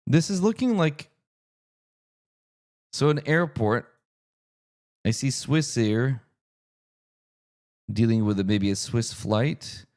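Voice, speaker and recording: A man's voice: medium pitch, lively intonation, slow pace, pauses often, darkish tone. A man chatting casually on a live stream, thinking aloud and answering viewers' chat as he goes. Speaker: streamer and game master.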